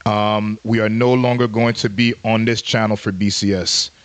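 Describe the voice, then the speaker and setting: A man's voice: on the low side, flat delivery, normal speed, fairly bright tone, smooth. Brief: male podcast co-host, easygoing and jokey, loops catchphrases. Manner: playful, repeats catchphrases. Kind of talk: casual chat.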